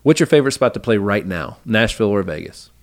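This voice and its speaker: Low-voiced enthusiastic podcast host. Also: male voice, animated, fast talker. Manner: enthusiastic, rambling, full of fillers and restarts. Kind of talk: casual interview chat.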